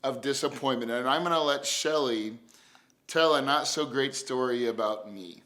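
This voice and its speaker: A man's voice: medium pitch, normal speed, bright, forceful tone. A man co-hosting a marriage lesson with his wife, playful and joking as he teaches. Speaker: co-host of a marriage course. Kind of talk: casual teaching chat.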